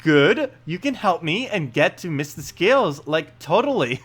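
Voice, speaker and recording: A man voicing a spoiled, airheaded teen princess in a video game, using drawn-out valley-girl slang. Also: a little high, big pitch swings, fairly bright tone, heavily acted. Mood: bratty.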